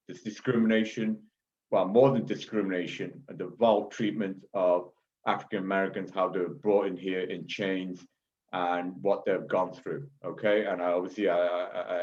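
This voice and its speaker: A man of Chinese origin giving an emphatic lecture, repeating himself and checking in with frequent asides. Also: low-pitched. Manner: forceful, repetitive, frequent "okay?" asides. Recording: dull lo-fi audio.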